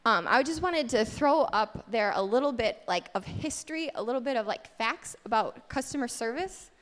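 A woman's voice: fairly high pitch, animated, moderate pace. A woman giving a casual sermon-style teaching at church, candid and self-deprecating about her own faults. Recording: long hall reverb.

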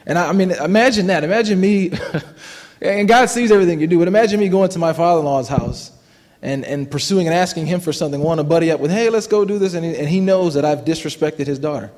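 A man in his thirties gives a personal sermon testimony in a church hall, his slightly high, darkish voice moving quickly and carrying a long hall reverb. He's conversational and self-deprecating, laughing often and restarting sentences.

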